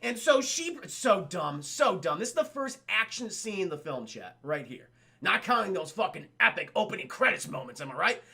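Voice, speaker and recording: A man's voice: sits high, big pitch swings, normal speed, vocal fry, bright, forceful tone. A young man streaming a casual, profane film recap, constantly talking to his chat. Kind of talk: casual livestream commentary.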